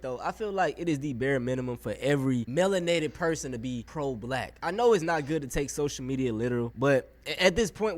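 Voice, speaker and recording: A man at a mid pitch speaks straight to his audience in a clip. He sounds matter-of-fact and a little preachy, calling his viewers out while assuring them he means well. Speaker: social media commentator. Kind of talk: direct-to-camera talk.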